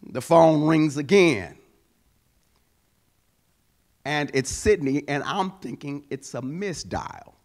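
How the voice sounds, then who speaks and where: A man's voice: on the high side, animated, slow pace, long pauses, a little mellow. A male pastor preaching a sermon, telling a personal story and building to emphatic exhortation.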